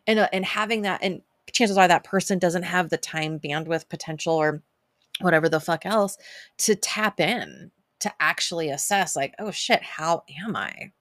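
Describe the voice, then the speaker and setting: A woman's voice: fairly low pitch, normal speed, fairly bright tone, no room sound, clean studio sound. A woman giving brash, profane self-help advice in a casual monologue, laughing often and quoting others in a playful sing-song.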